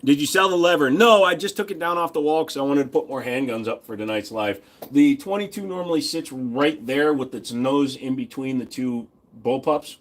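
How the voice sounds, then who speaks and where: A man's voice: mid-range voice, moderate pace, few pauses. Crude, joking man hosting a livestream. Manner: crude, profane banter with chat. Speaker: livestream host. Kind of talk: casual livestream chat.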